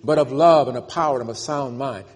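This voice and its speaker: A man's voice: medium pitch, fast, breathy edge. Emphatic male preacher in echoing church. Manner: emphatic, calls for congregation responses. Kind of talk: sermon. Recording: long church reverb.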